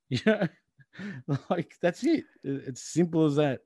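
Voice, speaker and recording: A man's voice: a little high, expressive, a little slow, mellow, no room sound. A man, chatting casually as a podcast co-host, swearing often and joking with a laugh. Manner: profane, laughing, joking banter. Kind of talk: casual chat.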